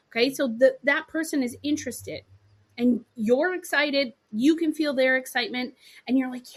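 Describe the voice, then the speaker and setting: Female podcast host, 30s, fairly high voice, lively solo coaching talk with acted-out quotes and "right?" asides. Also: moderate pace. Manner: animated, acts out little quoted dialogues; frequent throat clearing, "right?" and "okay" asides.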